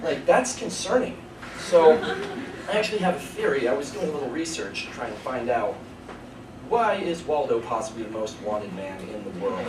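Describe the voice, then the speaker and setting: A young man in his early twenties, with a medium-pitched, sing-song voice at normal speed, performs a rambling stand-up set at a college comedy show in front of a live audience. He laughs at his own jokes. The recording is noisy and echoey, picked up far from the mic.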